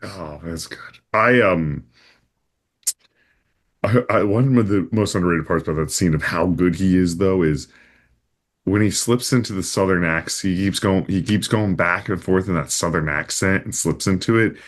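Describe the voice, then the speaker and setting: A man's voice: low-pitched, moderate pace. A man co-hosting a casual movie podcast, rambling with lots of fillers and restarts. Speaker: podcast co-host.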